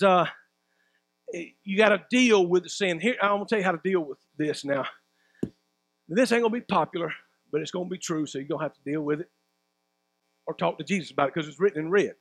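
A man, preaching a sermon as pastor in a folksy, preacherly way, swinging between loud emphatic bursts and low asides. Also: no room sound.

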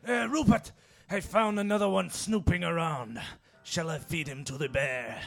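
A man doing a gravelly high-voiced henchman. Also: normal speed, fairly bright tone. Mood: eager. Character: gruff male henchman feeding snoopers to bear.

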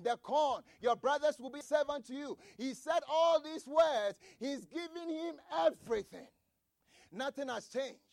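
A man preaching a sermon as pastor, reading scripture slowly and breaking into shouts for emphasis. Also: very high voice, gravelly, no room sound. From grew up outside the United States, across the Atlantic.

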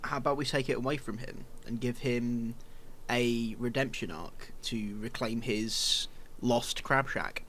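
A man co-hosting a comedy podcast chat in a dry, formal manner. He talks slowly, at a medium pitch. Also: fairly bright tone, slight background noise. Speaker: podcast co-host, editor-in-chief.

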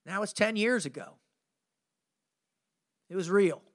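A middle-aged man with a high-pitched voice hosts a motivational podcast, taking his time as he tells a fired-up, slangy story. He keeps dropping "man" into this energetic monologue as a podcast host and motivational speaker.

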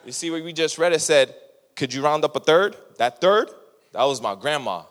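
A young male youth pastor with a slightly high voice delivers an animated sermon. He weaves in a personal story and acts out each character's lines. The sound carries the long reverb of a large hall. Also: moderate pace, a little hiss or hum.

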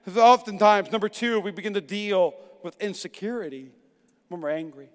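High-voiced man preaching in an echoing hall. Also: normal speed. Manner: emphatic, swings from hushed to shouting. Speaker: pastor. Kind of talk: sermon. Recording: long echoing reverb.

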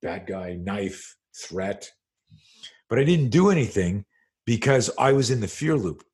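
Middle-aged man, slightly low voice, self-defense teacher recounting a tense story on a podcast, swearing and acting it out. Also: measured pace. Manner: profane, animated storyteller who acts out scenes. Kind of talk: storytelling in a conversational interview.

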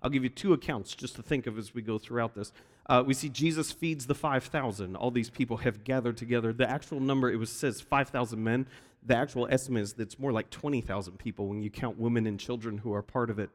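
Man preaching a sermon, mid-pitched voice, lively storytelling, long hall reverb. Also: fast talker. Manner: animated storyteller, acts out quoted voices. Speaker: pastor. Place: church sanctuary.

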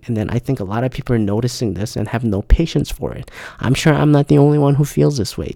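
A man with a gravelly, mellow voice delivers an exasperated casual rant full of profanity. The sound is dry and close, with no room around it. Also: mid-range voice, dry recording.

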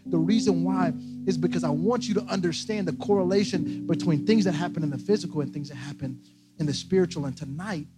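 Young male pastor, fairly high voice, playful sermon with asides, loud guitar underneath. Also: fast. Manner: jokey, laughs at himself, repeats phrases. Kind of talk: humorous conversational sermon. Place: church service in a large room. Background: loud guitar music.

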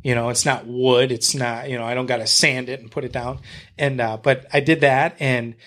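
A Michigan man with a mid-range voice talks at a moderate pace as a podcast guest. In casual conversation he tells stories animatedly, acting out what people said and swearing freely.

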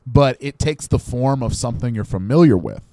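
A man's voice: medium pitch, lively intonation, a little fast, mellow. A young man co-hosting a podcast in casual comedic chat, playfully spinning a made-up story. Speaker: podcast co-host.

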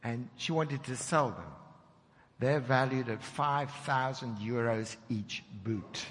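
A preacher telling a story in a sermon, animated as he acts out the dialogue. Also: mid-range voice, slow, breathy edge. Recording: reverberant hall with faint noise.

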